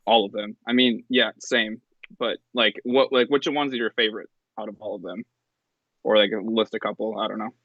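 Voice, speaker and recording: Young male guest from Minnesota, casual and halting, dull dry sound. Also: lowish voice, steady tone, no echo. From Minnesota, USA. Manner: laid-back, hesitant, lots of fillers. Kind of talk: casual chat.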